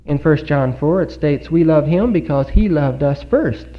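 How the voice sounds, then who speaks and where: A man giving a Bible talk in a congregation hall, earnest and full of rhetorical questions and pauses. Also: a little high, expressive, soft background music. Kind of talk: sermon. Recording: dull lo-fi 1950s recording.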